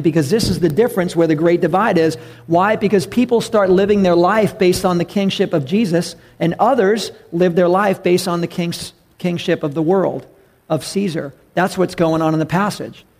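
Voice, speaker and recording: Gravelly-voiced man preaching a sermon. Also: high voice, moderate pace. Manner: earnest preaching, rising to loud emphatic calls. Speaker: pastor.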